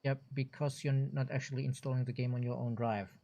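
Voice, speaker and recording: A man's voice: mid-range voice, level tone, fairly quick, vocal fry, mellow. A man who is a game developer, chatting casually on a livestream and explaining things at length with frequent restarts. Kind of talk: casual gameplay chat.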